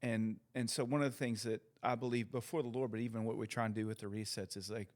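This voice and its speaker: A man's voice: fairly low pitch, fairly even intonation, fast talker, darkish tone. Male co-host, faith podcast, reflective and teacherly, repeats phrases. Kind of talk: casual faith podcast chat.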